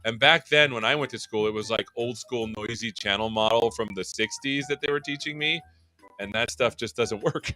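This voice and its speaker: A man's voice: medium pitch, moderate pace, sharp tone, soft background music. A man hosting a livestream tech show, chatting casually and joking at his own expense. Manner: joking, self-deprecating. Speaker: show host.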